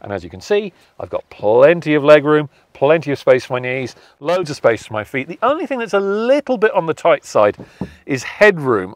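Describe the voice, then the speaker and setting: A young adult man, presenting a car review from inside a car, measured and conversational as he weighs pros and cons. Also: a little high, no echo. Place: inside a car, partly while driving.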